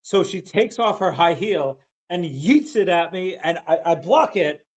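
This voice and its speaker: A man's voice: high-pitched, expressive, measured pace, rough recording. A man in his thirties hosting a podcast, telling a long story in casual chat, full of fillers and restarts. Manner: rambling, lots of fillers and restarts. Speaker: podcast host.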